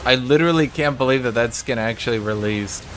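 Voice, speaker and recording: A man's voice: medium pitch, brisk, background noise. Man streamer thinking aloud to chat. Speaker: game streamer. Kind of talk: casual live-stream chat while playing.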